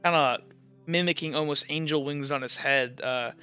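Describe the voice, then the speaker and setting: A man's voice: on the high side, normal speed, sharp tone, clear, resonant tone, lo-fi sound, faint music behind. A man narrating a tabletop game as game master, casual and rambling.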